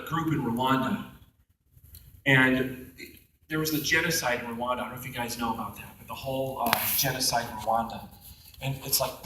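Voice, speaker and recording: Animated man telling a story, echoey hall. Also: fairly high pitch, far from the mic. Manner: animated, acts out voices in the story. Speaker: youth speaker. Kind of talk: storytelling youth talk. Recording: echoey hall, mic from afar.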